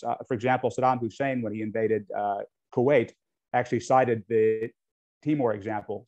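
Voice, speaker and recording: A medium-pitched man with a darkish tone, from the United States, speaks as a guest on US-Indonesia relations. His talk is unscripted and frank, interrupted by frequent ums and restarts, and the recording is dull lo-fi.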